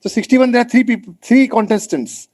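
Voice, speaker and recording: Brief: Indian English male mentor on a video call, rapid delivery, urges and repeats himself. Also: very high voice. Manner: energetic, coaxing, repeats phrases for emphasis. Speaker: mentor leading an online session. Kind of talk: motivational webinar talk.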